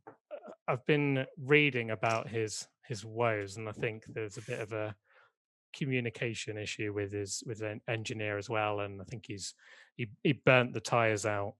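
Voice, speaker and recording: A man's voice: fairly low pitch, fairly even intonation, moderate pace, fairly bright tone, no room sound. A British man co-hosting a casual podcast, talking in a chatty, rambling way. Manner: chatty, rambling, self-deprecating. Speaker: podcast co-host. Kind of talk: casual chat.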